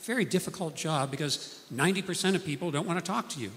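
A man's voice: fairly high pitch, fast talker, a bit bright, in a large hall, a little hiss or hum. A man preaching a sermon, telling stories earnestly and acting out the people he quotes.

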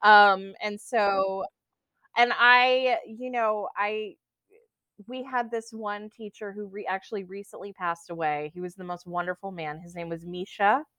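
A young adult woman, a guest actor, chatting casually and telling lively stories about her acting training. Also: medium pitch, no room sound, studio quality. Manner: animated storyteller, imitates teachers. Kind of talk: casual chat.

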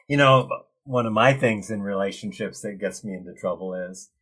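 A man's voice: fairly low pitch, moderate pace, fairly bright tone. A man hosting an interview, asking open questions and laughing along with his guest. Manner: friendly, laughs often, asks open questions. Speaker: interview host. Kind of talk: conversational interview.

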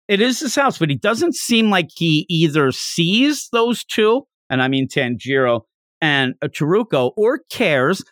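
A man's voice: fairly high pitch, sing-song, unhurried, fairly bright tone, no echo, studio quality. A man hosting a podcast, chatting casually as he recaps a manga chapter and laughs while acting out the characters' lines. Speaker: podcast host.

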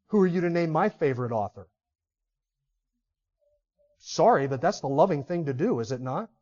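A man preaching an expository sermon as pastor, passionate and emphatic, swinging between loud stresses and hushed asides. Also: on the high side, highs cut off.

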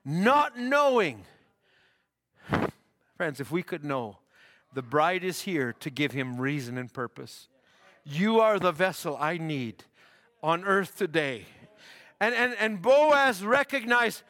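A man preaching a sermon, halting and repeating words, then building to emphatic declarations. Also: fairly high pitch, expressive, a bit bright.

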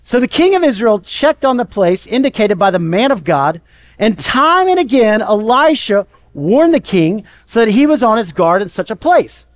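A male pastor preaching a sermon in a conversational, lively storytelling way. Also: high-pitched, normal speed.

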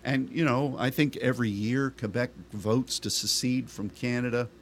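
A man's voice: medium pitch, fairly even intonation, moderate pace, slight background noise. A middle-aged male pastor preaching a sermon in a conversational style, asking rhetorical questions of the congregation.

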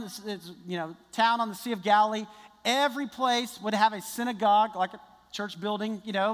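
A man preaching a sermon in a conversational, animated way, often restarting his sentences. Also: sits high. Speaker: pastor. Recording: long reverb of a large hall.

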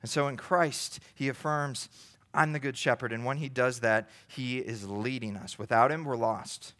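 A man's voice: medium pitch, fairly even intonation, moderate pace, fairly bright tone. A man preaching a sermon in an earnest, conversational way, building to emphatic rises.

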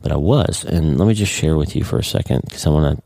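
Brief: middle-aged male podcast host, low mellow voice, unscripted and earnest. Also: fast, vocal fry, no echo. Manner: earnest, off-the-cuff with frequent restarts. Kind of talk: casual unscripted podcast monologue.

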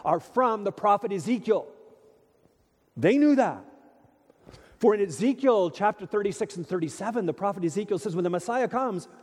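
A man preaching a sermon in a church, emphatic and animated, with rhetorical questions to the congregation. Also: sits high, husky. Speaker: pastor. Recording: long reverb of a large hall.

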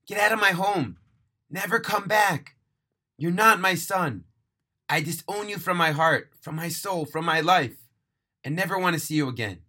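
A man voicing an older father who shouts at his son, hurt and unforgiving, in a read-aloud story. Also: high-pitched, moderate pace, voice pushed up. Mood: furious. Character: furious older father, stern and wounded.

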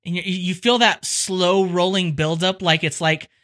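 A podcast co-host with a bright, sharp-edged voice. He chats casually, rambling through his stories with plenty of giggles. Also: high voice, unhurried. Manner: giggly, rambling, animated storyteller. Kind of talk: casual chat.

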